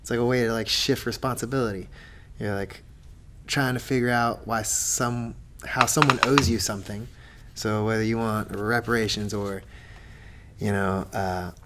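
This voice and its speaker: Ein Mann mit tiefer Stimme redet ruhig und bedächtig in lockerem Gesprächston, oft mit Füllwörtern. Im Hintergrund ist ein leises Rauschen zu hören. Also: male voice, fairly low pitch, a little hiss or hum. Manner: calm, measured, with many "like" fillers. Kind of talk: casual chat.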